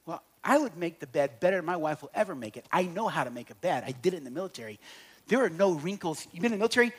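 A middle-aged man tells humorous stories to an audience. His voice sits a little high for a man. He swings between loud bursts and quiet, low passages. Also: big pitch swings, very fast, slightly rough. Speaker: speaker on relationships. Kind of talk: humorous storytelling talk to an audience.

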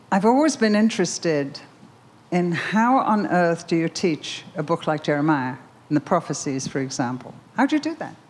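An older woman giving a Christian talk, telling a personal story in an animated, emphatic way full of questions. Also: fairly low pitch. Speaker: Christian speaker.

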